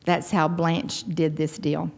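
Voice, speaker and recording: A woman's voice: low-pitched, flat delivery, takes it slowly, creaky, a little mellow. A middle-aged woman with a Texan accent telling a heartfelt personal story to a recovery meeting audience. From Texas. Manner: heartfelt, folksy, earnest.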